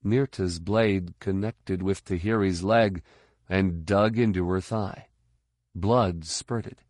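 A man narrating an audiobook in a steady, measured voice. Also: low-pitched, no room sound, clean studio sound. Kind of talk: scripted narration.

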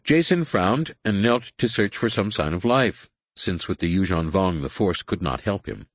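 A man's voice: deep voice, lively intonation, normal speed, no room sound. A man narrating a story aloud, reading expressively and giving each figure a voice. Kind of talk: audiobook narration.

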